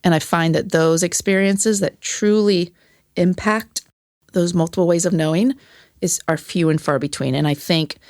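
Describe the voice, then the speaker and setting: A woman with a lowish, darkish voice speaks at normal speed with fairly even intonation, recorded in a clean studio with no room sound. A former teacher appearing as a podcast guest, she talks casually, candidly, and profanely, acting out the voices of people she quotes.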